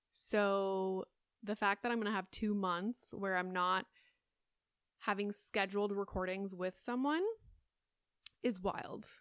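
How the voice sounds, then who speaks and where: A woman's voice: mid-range voice, smooth, no room sound, clean studio sound. Chatty woman hosting a solo podcast. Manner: chatty, rambling, many fillers. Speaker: podcast host. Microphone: close studio mic.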